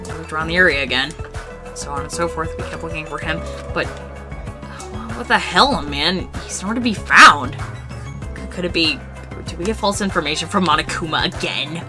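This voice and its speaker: A woman's voice: low-pitched, animated, moderate pace, sharp tone. A young woman playing a video game, reading its text aloud and chatting casually, tired, laughing often and swearing now and then. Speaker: let's play gamer. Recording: faint background music.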